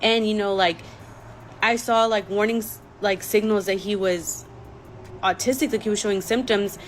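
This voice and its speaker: A woman's voice: medium pitch, fairly even intonation, normal speed, slight background noise, low-quality recording. A young woman telling a personal story in a casual vlog, emotional and rambling, with many "like" fillers. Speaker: storytime vlogger.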